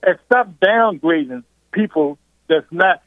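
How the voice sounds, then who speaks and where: A man's voice: a little high, lively intonation, measured pace, no echo. A man calling in to argue, insistent and repeating himself. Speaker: caller. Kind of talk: argumentative phone call. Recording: muffled phone line.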